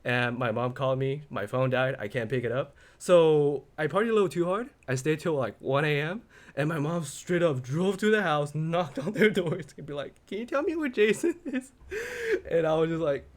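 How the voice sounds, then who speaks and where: A young man chatting on a student podcast, with a slightly high voice for a man. He tells stories with animation and slips into quick impressions of his parents and friends. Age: young adult. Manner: storytelling, animated, acts out quotes. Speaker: podcast co-host. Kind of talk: casual chat.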